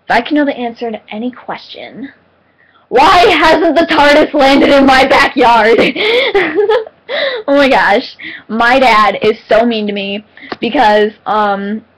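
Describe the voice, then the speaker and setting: A teenage girl answering viewer questions in a casual vlog, chatty and giggly with lots of ums and excitable retellings. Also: a little high, low-quality recording. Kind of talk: casual chat.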